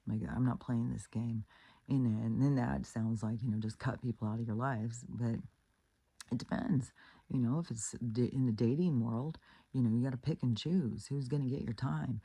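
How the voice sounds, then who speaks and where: Woman, husky, gravelly, blunt, swears a lot, casual advice monologue, acts out quotes. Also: extremely low pitch, normal speed, warm tone, dry recording. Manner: blunt and profane; retells stories with acted quotes. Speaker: relationship advice vlogger.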